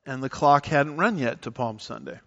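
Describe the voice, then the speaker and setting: A male pastor delivering a sermon in an animated, emphatic teaching manner, his voice sitting in a middle register. The recording sounds a little dull and lo-fi. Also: medium pitch, moderate pace.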